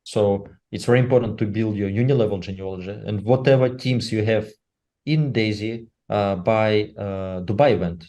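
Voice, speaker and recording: A slightly low-voiced man with a dark, mellow timbre talks loosely on a webinar. He halts often, fills gaps with "uh" and keeps checking in with a tag "right?". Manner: halting, full of "uh" and tag "right?". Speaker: company leader speaking on a webinar. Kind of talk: unscripted webinar talk.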